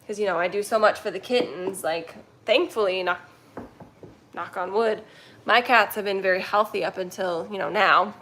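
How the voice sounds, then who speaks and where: A woman's voice: medium pitch, moderate pace, fairly bright tone, slight background noise. A young woman hosting a casual livestream, chatting and reading viewer comments in a rambling way while talking to her cats. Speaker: kitten rescue livestream host.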